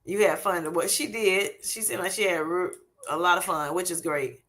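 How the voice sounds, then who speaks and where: Bright, chatty woman host. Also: on the low side, fairly even intonation, normal speed. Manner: chatty, laughs often, addresses viewers as y'all and honey. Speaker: livestream host. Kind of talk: casual chat with viewers. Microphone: streaming setup.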